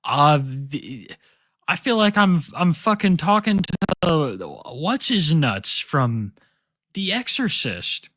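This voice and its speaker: A man's voice: a little high, big pitch swings, takes it slowly, fairly bright tone, no echo. A man streaming live, giving crude, rambling, mocking commentary to his chat. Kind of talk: casual chat to stream viewers.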